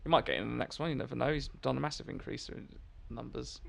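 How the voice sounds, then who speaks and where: A young man debates politics on a podcast, earnest and halting as he restarts his sentences. His voice carries a gravelly fry throughout. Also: medium pitch. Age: young adult.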